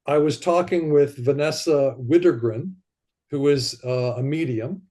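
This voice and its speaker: A man guesting on a podcast, with a somewhat high voice and a warm, mellow tone. He talks in a loose, rambling way, with lots of energy, and slips into other people's voices when he quotes them. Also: unhurried. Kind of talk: casual conversation.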